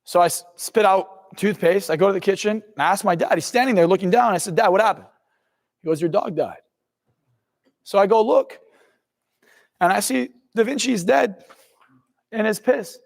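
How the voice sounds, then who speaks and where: With a high voice, vocal fry and normal speed, this young man tells the camera his personal story. He is a motivational speaker and hypnotist in his twenties who talks bluntly and intensely, with some cursing, in a room full of long reverb.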